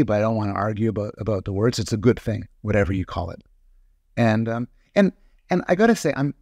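A man's voice: on the low side, darkish tone, dry recording, studio quality. A man, a psychologist guest in a podcast interview, arguing his points in a careful, reasoned way. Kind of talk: conversational interview.

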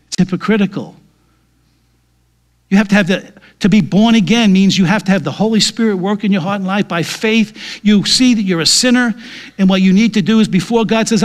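High-voiced emphatic male pastor. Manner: emphatic, repeats key phrases for stress. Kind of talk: sermon.

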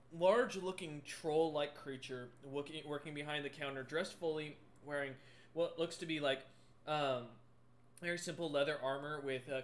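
A man's voice: fairly high pitch, a bit bright. A man running a tabletop game as game master, narrating casually with many fillers and restarts. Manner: casual, filler-heavy, rambling.

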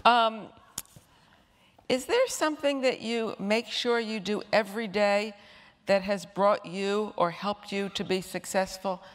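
A woman with a mid-pitched voice interviews a guest on stage. She asks her questions in a wry, offhand manner. A long hall reverb trails her voice. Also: unhurried.

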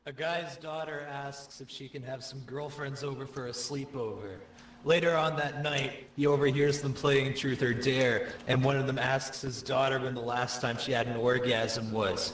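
A man telling dark jokes in deadpan delivery over game voice chat. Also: medium pitch, moderate pace. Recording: echoey, distant, noisy mic.

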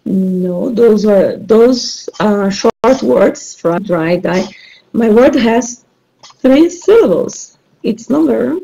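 A woman's voice: a little high, lively intonation, drawn-out words, vocal fry, dark tone, rough recording. A woman teaching English online, running a rhyming word game and patiently repeating clues and praising her students.

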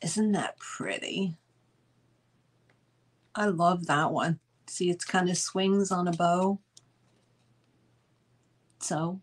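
A woman's voice: lowish voice, drawn-out words, pauses often. A woman, hosting a live sale stream and chatting in a rambling, casual way with lots of fillers.

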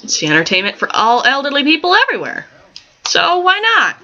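A woman's voice: high-pitched, wildly swooping pitch, a little fast, pushed and bright. Giggly woman rambling over gameplay. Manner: giggly, rambling, chatty asides to the game. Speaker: gaming channel host. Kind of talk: casual let's-play commentary. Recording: dull lo-fi home mic.

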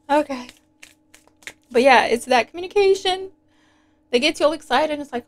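A woman giving a casual, animated tarot reading, chatty and quick to laugh. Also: a little high. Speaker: tarot reader.

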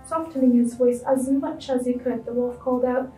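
A woman reading a children's story aloud in a clear, expressive storybook way. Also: sits high, moderate pace, echoey room, far from the mic, soft background music, low-quality recording.

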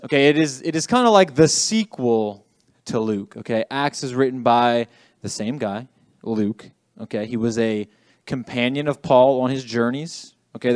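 A man's voice: mid-range voice, smooth, dry recording. A young man preaching to a youth group in a loose, chatty way, joking at his own expense and tagging lines with "okay?". His voice sits mid-range and is recorded dry and close, with little room sound. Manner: chatty, self-deprecating, says "okay" often. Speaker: youth pastor. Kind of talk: casual youth sermon.

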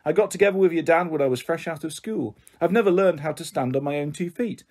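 A man voicing a cheerful, pushy mother who talks warmly and coaxingly in a storybook reading. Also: on the high side, quick pace, close to an everyday voice.

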